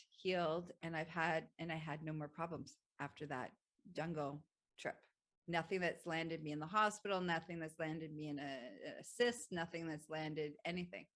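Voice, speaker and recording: A woman hosting a podcast, telling a personal story in an animated way, laughing often and swearing freely. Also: low voice. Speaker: podcast host.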